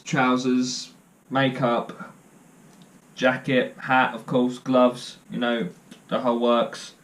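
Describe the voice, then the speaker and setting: A young man chats straight to camera, telling stories and cracking jokes at his own expense. He rambles loosely and fills the gaps with ums and uhs. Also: medium pitch. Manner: jokey, self-deprecating, rambling with fillers. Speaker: vlogger. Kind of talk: casual storytelling to camera.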